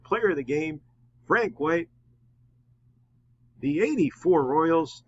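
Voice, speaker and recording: Excitable baseball play-by-play man. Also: fairly high pitch, highs cut off. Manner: excited calls on big hits, chatty recap. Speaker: play-by-play commentator of a simulated game.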